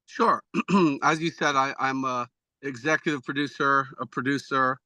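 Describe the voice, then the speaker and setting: A man's voice: medium pitch, steady tone, moderate pace, sharp tone, no room sound. A man, an executive producer, answering interview questions in a rambling, self-deprecating way with many restarts.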